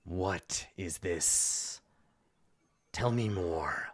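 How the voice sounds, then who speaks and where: A man voicing a slow-spoken undead male king, calm and menacing, drawing his words out until they fall to a whisper. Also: low voice, exaggerated voice. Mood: cold. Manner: slow, drawn-out speech sinking into a whisper.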